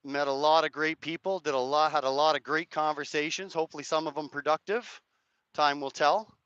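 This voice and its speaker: Man, hoarse live streamer, rambling and hedging, crisp bright tone, dry lo-fi sound. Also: on the high side, steady tone, brisk, no echo. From Canada. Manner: rambling, hedging, chats to viewers' comments. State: hoarse, cracked voice. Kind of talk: casual live-stream commentary. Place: outdoors at a street rally.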